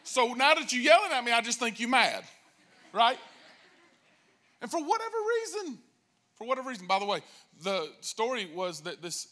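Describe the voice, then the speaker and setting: A man preaching a sermon as pastor, telling jokes and stories in a lively way and acting out quoted voices. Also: high voice. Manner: animated, joking storytelling with acted-out voices.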